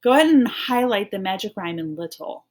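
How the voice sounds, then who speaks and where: A woman's voice: mid-range voice, lively intonation, fairly quick, darkish tone. A woman teaching an online phonics lesson, reading a poem aloud and guiding children through it in a patient, encouraging way.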